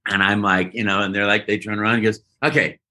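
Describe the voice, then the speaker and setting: A man guest telling a lively story in an interview and acting out voices and sounds as he goes. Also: on the low side, fast. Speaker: guest voice actor. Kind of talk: animated storytelling.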